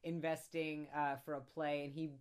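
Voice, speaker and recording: A woman co-hosting a casual film discussion podcast, animated, acting out quotes as she laughs. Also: deep voice, normal speed, smooth. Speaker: podcast co-host.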